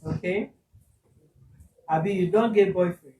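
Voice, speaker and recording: A woman's voice: lowish voice, a little slow. A woman host with a Nigerian accent mediating a family dispute, chatty and mixing in pidgin words. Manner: chatty, mixes in pidgin words, lively when retelling. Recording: roomy, distant mic, faint background noise.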